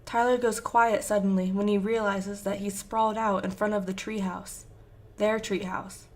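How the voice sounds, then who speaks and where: A woman's voice: mid-range voice, flat delivery, moderate pace, a little mellow. A woman reading a fan fiction story aloud with intense, emotive narration. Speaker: fanfiction reader.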